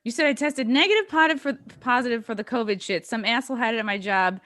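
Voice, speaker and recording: Woman host, blunt and confrontational, higher pitch, swears freely. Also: fast, a bit bright. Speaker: podcast host. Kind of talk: heated casual argument.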